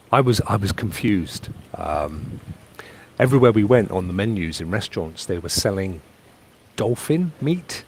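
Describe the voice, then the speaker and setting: Pitch swinging widely from a lowish base, an Englishman talks at a measured pace in a darkish tone, with a little hiss or hum present. He is casually live streaming by a private pool on holiday, reading viewer comments and rambling about his trip.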